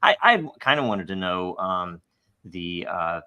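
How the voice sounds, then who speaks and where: A man's voice: sits low, big pitch swings, unhurried, bright, forceful tone, clear, resonant tone. A man hosting a podcast, reading listener questions and giving emphatic, rambling opinions, often laughing. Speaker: podcast host. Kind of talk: casual podcast discussion.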